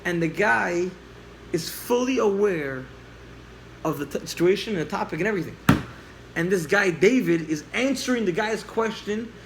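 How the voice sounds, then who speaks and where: A man teaching a class, telling a story with lively acted-out dialogue and questions to the listeners. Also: high-pitched, normal speed, slight background noise, rough recording.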